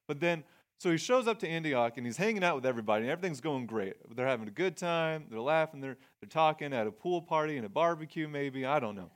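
A man's voice: a little high, animated, quick pace. A man preaching a sermon in a conversational way, reading scripture and explaining it plainly, often restarting his phrases. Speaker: pastor.

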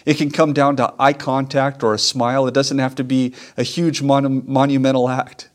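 A man's voice: medium pitch, flat delivery, moderate pace. A man preaching a sermon as a pastor, earnest and emphatic, repeating key lines for weight.

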